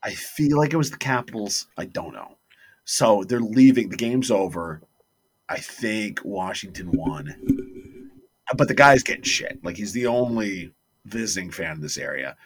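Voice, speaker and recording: A man's voice: lowish voice, moderate pace, breathy edge. A man co-hosting a podcast, telling stories in a casual chat and acting out the quotes. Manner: animated, acts out quotes.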